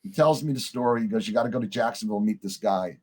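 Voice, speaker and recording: A man, a podcast guest, telling long stories in a relaxed conversational way and acting out the other people's lines himself. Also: lowish voice, fast. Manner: animated storyteller acting out quoted voices. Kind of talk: conversational storytelling.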